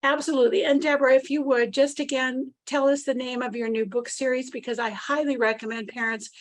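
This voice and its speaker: She is an upbeat woman hosting an online parenting seminar. She reads out audience questions and thanks her guest in a fairly high, encouraging voice. The dry, close sound of her video call has almost no room. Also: fairly even intonation, brisk, no echo. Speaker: webinar host. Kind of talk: moderating live Q&A.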